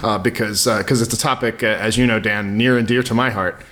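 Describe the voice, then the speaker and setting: A man co-hosting a podcast, chatting casually and quickly with many restarts. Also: on the low side, fairly even intonation, a bit bright. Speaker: podcast co-host. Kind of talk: casual chat.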